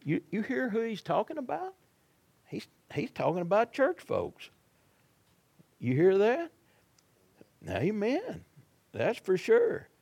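A man's voice: high voice, wildly swooping pitch, slow, gravelly, long pauses, darkish tone, slightly rough. A man preaching a sermon in a folksy, dramatic way, acting out the people in the story.

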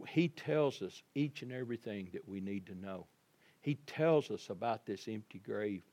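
Pastor preaching with swelling emphasis. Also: male voice, fairly low pitch, expressive, moderate pace. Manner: storytelling, swings from quiet to loud emphasis; direct address to the congregation. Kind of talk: Easter sermon.

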